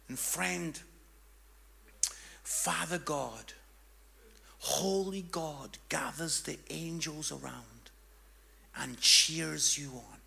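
A man preaching a sermon, telling a story and swinging from hushed tones to loud, fervent passages. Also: on the high side, extremely slow, gravelly, long pauses.

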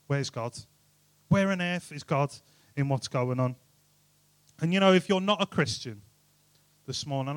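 A man's voice: high voice, a bit bright, no room sound. A man giving an informal, jokey youth sermon, full of rhetorical questions. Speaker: youth speaker.

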